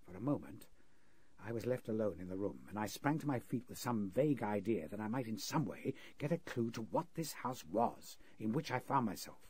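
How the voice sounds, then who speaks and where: A man's voice: on the low side, very animated, moderate pace, darkish tone, husky, no echo. A man playing an earnest male interpreter narrating a frightening ordeal in a 1930s radio drama. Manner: earnest, vivid storytelling.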